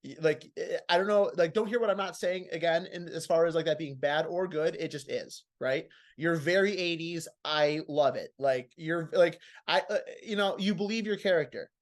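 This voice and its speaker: Male judge with a Midwestern accent, a touch high-pitched, hedges a lot. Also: moderate pace, few pauses. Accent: Midwestern American. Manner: hedging, talks around his point. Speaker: promo competition judge. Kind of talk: candid spoken critique.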